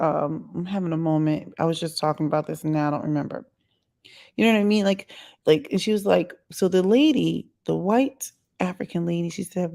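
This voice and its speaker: A woman telling a story on her vlog in a chatty, animated way, quoting the people she met. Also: on the low side, gravelly. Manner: chatty, animated retelling with quoted asides. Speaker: vlogger. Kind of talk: casual storytelling monologue.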